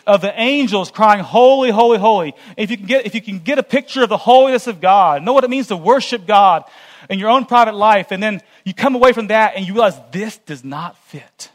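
A man's voice: high voice, quick pace, a bit bright. A man speaking earnestly to a church meeting, giving a cautionary sermon-style lecture in a conversational way.

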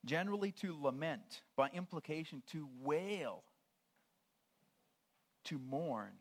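A man preaching a sermon, laying out word meanings in short, measured phrases and swinging from hushed near-whispers to loud proclamations. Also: on the high side, lively intonation.

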